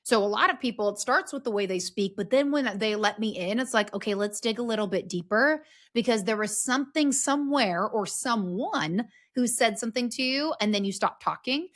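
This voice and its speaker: Earnest, expressive woman storyteller. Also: a little high, fairly quick. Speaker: podcast guest, speaker and story strategist. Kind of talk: casual conversational interview.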